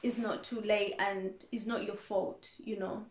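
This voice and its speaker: A woman's voice: mid-range voice, level tone, unhurried. A woman reverend answering viewer questions in a casual advice talk, earnest and repeating her points for emphasis. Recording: echoey room.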